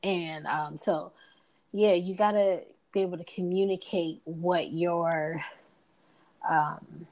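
A woman's voice: fairly low pitch, takes it slowly, rough recording. A woman co-hosting a casual conversation, animatedly acting out dialogue as she tells stories. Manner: animated storyteller, acts out dialogue.

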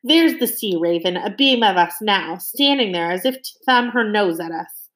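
A woman voicing a gruff, bellowing older male sea captain in an audiobook reading. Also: medium pitch, expressive, moderate pace, close to an everyday voice. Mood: blustering. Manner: loud, blustering, barking orders.

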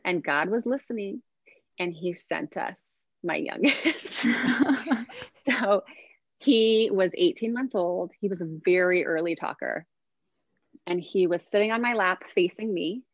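A woman in her forties, a guest health coach, telling stories in a lively, animated way with frequent laughter. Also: lowish voice, measured pace, long pauses, dry recording. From Ohio, USA. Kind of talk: casual chat. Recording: dull, dry podcast audio.

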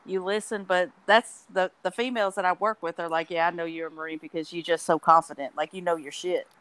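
A woman's voice: lowish voice, a little fast, clean tone, no echo, low-quality recording. Blunt, profane woman veteran. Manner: blunt, profane, animated when quoting others. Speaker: veteran podcast guest. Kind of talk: casual chat.

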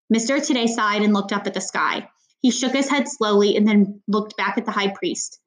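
This audiobook reader is a woman whose mid-range voice holds a steady tone at a moderate pace. She reads a novel plainly, pausing now and then for offhand remarks and making minor reading errors.

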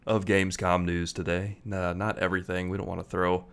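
A man co-hosting a casual podcast, telling a story in a relaxed way and laughing as he goes. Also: deep voice, fairly quick, smooth. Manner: laid-back, laughs while telling stories. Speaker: podcast co-host.

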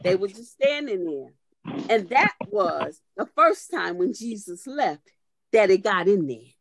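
A woman's voice: mid-range voice, sing-song, measured pace, no echo. A woman pastor delivering a sermon, moving from conversational storytelling to fervent preaching and calling out to members of her congregation by name.

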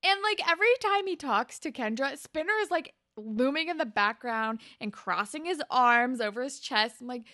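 A woman co-hosting a podcast, casually recapping a TV episode with animated retelling, dry jokes and casual swearing. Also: high-pitched, moderate pace, few pauses, no echo. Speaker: podcast co-host.

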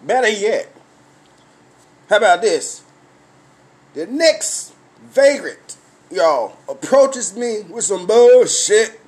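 A man with a high, lifted voice delivers a profane comic rant. He tells the story loudly and repeats himself, acting out his own confrontations as he goes. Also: sing-song, slow, long pauses. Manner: loud, repetitive, swearing storyteller who acts out confrontations.

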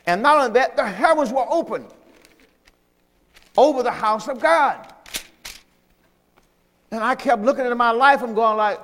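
A man's voice: very high-pitched, moderate pace, long pauses, a bit bright, in a large hall. A middle-aged man preaching a sermon as pastor, reading scripture aloud and calling out to the congregation. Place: church sanctuary.

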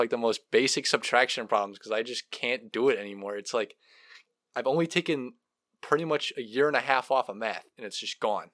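A man's voice: mid-range voice, brisk, bright, forceful tone, no echo. Young man with dry, wry remarks. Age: young adult. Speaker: podcast co-host. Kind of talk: casual chat.

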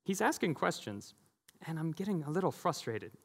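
With long church-hall reverb around him, a thirty-something pastor preaches casually in the sanctuary, spinning stories, laughing a lot and repeating "you know." His voice is fairly high and a bit bright, swinging widely in pitch at a normal speed.

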